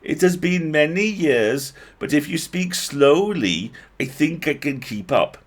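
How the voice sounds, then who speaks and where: Man doing a calm elf with bad Welsh accent. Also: a little high, voice pushed up. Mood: courteous. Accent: Welsh, put on badly. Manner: slow, careful, polite. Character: kindly male elf healer, calm and wry.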